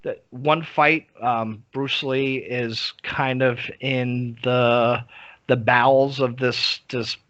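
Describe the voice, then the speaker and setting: A man's voice: mid-range voice, fairly even intonation, slow, fairly bright tone. A man co-hosting a film podcast, talking casually and enthusiastically with frequent restarts and the odd curse. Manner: enthusiastic, profane, hesitant with many restarts. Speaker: podcast co-host. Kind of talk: casual film review chat. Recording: dull lo-fi sound.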